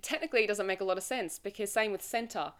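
An Australian woman hosting a casual podcast chat, cheeky and teasing, quick to laugh. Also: medium pitch. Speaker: podcast host.

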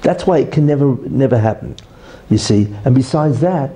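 A man delivers a casual religious talk with animated, rhetorical energy, frequently checking in with "right?" and "you see." His voice sits at a medium pitch and moves at an ordinary pace, though the recording is rough.

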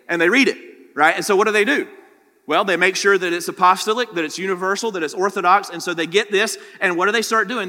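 Bright-voiced male pastor in a reverberant hall. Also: sits high. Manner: conversational teaching, frequent "right?" tag questions. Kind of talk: sermon.

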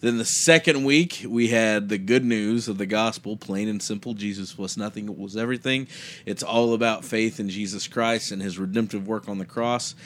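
Drowsy man, podcast co-host, lowish voice, relaxed talk full of uh's. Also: moderate pace. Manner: drowsy, easygoing, fills with uh. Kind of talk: casual theology chat.

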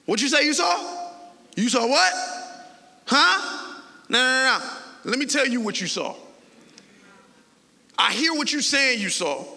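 Preacher doing a scheming Pharisee elder. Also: male voice, mid-range voice, creaky, pushed and bright, long reverb tail, voice pushed down, heavily acted. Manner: theatrical, mocking preacher's impression.

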